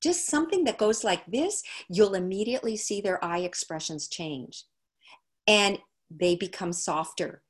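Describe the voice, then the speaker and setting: Slow, deliberate woman teaching over a video call. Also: mid-range voice, animated, breathy edge. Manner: unhurried, repeats key phrases for emphasis. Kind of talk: explanatory teaching talk.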